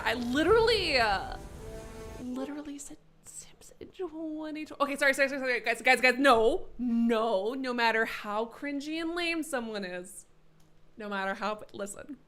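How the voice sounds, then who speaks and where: A woman's voice: on the high side, fairly bright tone. A young woman streaming a game live, chatty and self-mocking, swearing often as she talks to her viewers.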